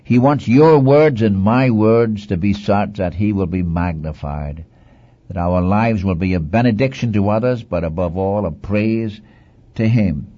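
A man's voice: fairly low pitch, unhurried, warm tone. A man preaching a sermon in an earnest, exhorting manner, repeating phrases for emphasis, on a dull lo-fi recording.

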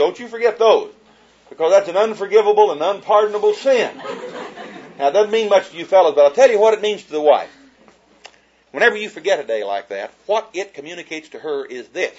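Chuckling as he talks, a man with a slightly high voice tells stories in a humorous, folksy speech about marriage before an audience. The recording sounds dull.

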